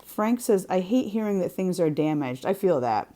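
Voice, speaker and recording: A middle-aged woman co-hosting a casual crafting chat, reading out viewer comments and telling lively stories. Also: lowish voice, normal speed. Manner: animated storyteller, acts out quoted lines.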